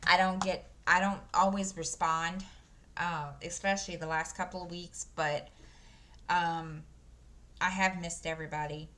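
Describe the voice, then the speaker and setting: Working on a craft, a woman in her 50s who hosts a crafting channel chats casually and rambles, full of fillers and restarts. Her lowish voice is level and unhurried with a fairly bright tone, and the desk microphone adds a little hiss or hum.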